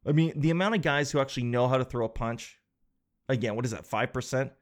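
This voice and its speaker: A man's voice: medium pitch, quick pace. A man hosting a casual comedic monologue, rambling and sarcastic, swearing freely.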